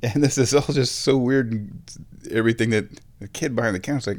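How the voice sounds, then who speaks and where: A man in his thirties from Omaha, telling a rambling, animated story in a casual monologue, chuckling now and then and bringing quoted people to life. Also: medium pitch, fairly quick. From Omaha, Nebraska.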